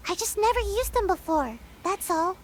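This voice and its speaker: A woman's voice: very high-pitched, animated, normal speed, slight background noise. A woman voicing a timid, sleepy little girl ninja in a game, who sighs and yawns. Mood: fibbing. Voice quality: drowsy, sighing, yawning.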